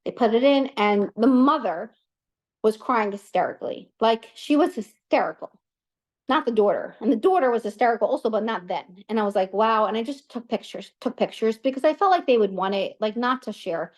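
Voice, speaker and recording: A woman in her thirties, hosting an online class and telling a personal story in a lively, chatty way full of asides. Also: a little high, a little fast. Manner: animated, chatty, many fillers and asides. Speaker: class host.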